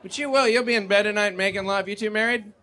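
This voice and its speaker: A man's voice: high voice, fast, a faint crowd. A young man doing a live stand-up routine on a comedy club stage, acting out the people in his stories. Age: young adult. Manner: animated storytelling, acting out voices. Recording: noisy live stage recording.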